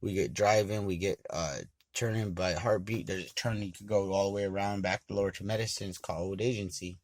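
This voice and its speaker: A man from Montana casually telling a rambling, profane story and getting loud and animated when he quotes people. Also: low voice, fairly quick, no room sound. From Montana, United States.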